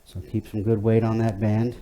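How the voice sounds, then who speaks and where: A man's voice: on the low side, level tone, normal speed, dark tone, slight background noise. A man leading a home workout class, talking in an easygoing, chatty way with many fillers and restarts. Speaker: fitness instructor. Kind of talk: guided workout instruction.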